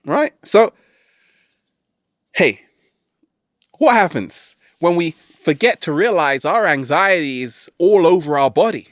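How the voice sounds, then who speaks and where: Man, self-help host, motivational talk, playful, keeps asking "right?", lively swooping delivery, dry close sound. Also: fairly high pitch, measured pace, dry recording. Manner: animated, playful, constantly asks "right?"; throws in jokey catchphrase asides.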